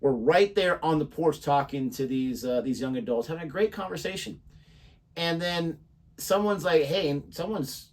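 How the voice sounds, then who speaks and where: A man's voice: on the high side, moderate pace, distant mic. A young American man, co-host of a reaction channel, telling a story in casual chat and acting out the voices of the people in it. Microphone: desk microphone.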